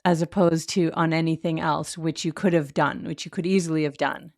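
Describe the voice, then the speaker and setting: A woman's voice: deep voice, fairly even intonation, a little mellow. A woman hosting an interview, speaking in a thoughtful, reflective way. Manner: slow, thoughtful. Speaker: host. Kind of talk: casual interview chat.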